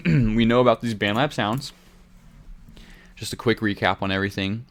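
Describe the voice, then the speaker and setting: In this laid-back screen recording, a young man with a deep voice walks through music software at an ordinary pace. His delivery wanders and pokes fun at himself, while a faint music track plays quietly in the background.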